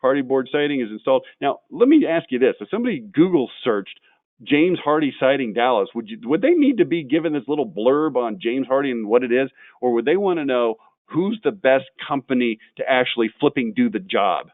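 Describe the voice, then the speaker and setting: A blunt man runs a marketing webinar and gets fired up as he picks apart weak examples. His voice sits at an ordinary pitch. It comes through a narrow, phone-like line with no room sound at all. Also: very animated, fairly quick, no echo. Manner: blunt, gets worked up and ranting. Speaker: webinar presenter.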